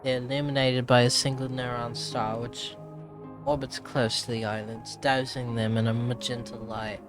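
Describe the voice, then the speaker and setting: With game music underneath, a man reads in-game text aloud in a put-on British accent, playing a reluctant female travel writer. He's theatrical and stumbles over words, with a wry mood, though his mid-range voice stays level at normal speed and only lightly acted.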